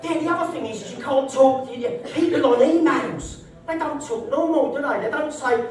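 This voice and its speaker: A man's voice: very high-pitched, moderate pace, hardly any pauses. Man, stand-up comic, brash, sweary, very echoey room, heard from a distance. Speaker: stand-up comedian. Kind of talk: live stand-up set. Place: social club comedy night, indoors.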